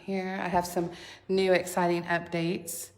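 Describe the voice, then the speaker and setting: A woman's voice: lowish voice, monotone, a little slow, a little mellow. A woman giving a chatty, gushing home tour vlog inside a house under construction, filmed on a handheld phone. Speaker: homeowner vlogger.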